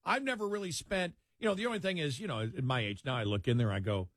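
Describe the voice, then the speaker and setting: A man's voice: fairly high pitch, fast talker, dry recording, clean studio sound. An older man from New York hosting a late-night radio talk show, ranting animatedly and mocking people in a raised voice.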